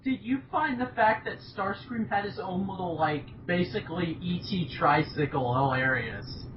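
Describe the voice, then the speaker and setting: A young woman in a casual fan chat, excitable and swearing, quoting her own reactions. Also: fairly low pitch, normal speed, slight background noise. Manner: excitable, swears, quotes herself. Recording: echoey room, dull lo-fi sound.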